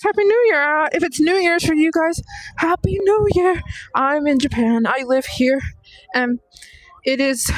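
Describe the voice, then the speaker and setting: A woman's voice: lowish voice, dry recording, low-quality recording. A woman vlogger chatting casually on a phone livestream as she walks outdoors, rambling and sometimes dropping to a whisper. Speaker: travel vlogger. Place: outdoors on city streets and temple grounds. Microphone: handheld phone.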